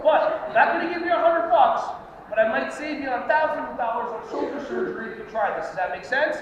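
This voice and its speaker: Guy with a really high voice joking around while coaching a group, far off mic, muffled and noisy. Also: moderate pace. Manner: energetic, joking, coaching a group through moves. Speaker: workshop presenter for teachers. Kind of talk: live fitness demonstration workshop. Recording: echoey hall, distant lo-fi mic, noisy.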